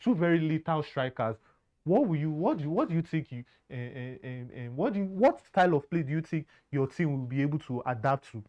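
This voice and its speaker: A man's voice: on the high side, animated, a little fast. A man giving earnest football analysis, often stumbling and repeating words. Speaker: football pundit. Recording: dull lo-fi sound.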